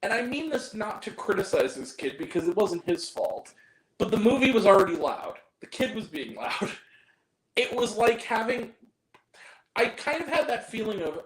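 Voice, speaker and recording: A man's voice: sits high, expressive, normal speed, echoey room, rough recording. A man giving a ranting movie review, exasperated and profane, with self-deprecating asides. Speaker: film reviewer.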